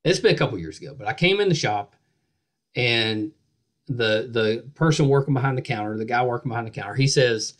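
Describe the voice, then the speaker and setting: A middle-aged man hosting a casual podcast interview, chatty and quick to laugh. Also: mid-range voice. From West Virginia. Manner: chatty, laughs often, repeats words. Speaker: podcast host.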